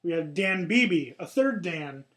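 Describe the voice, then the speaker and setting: High-voiced man hosting a sports podcast. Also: animated, measured pace, a bit bright. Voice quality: weird sounding voice. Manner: jokey, reads rhyming poem. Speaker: podcast host. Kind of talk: casual sports podcast chat.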